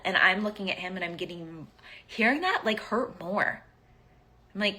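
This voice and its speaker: A woman's voice: medium pitch, big pitch swings, normal speed, sharp tone. A woman hosting a podcast, talking through a personal story in a casual coaching monologue, emphatic and repetitive, swearing now and then. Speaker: podcast host.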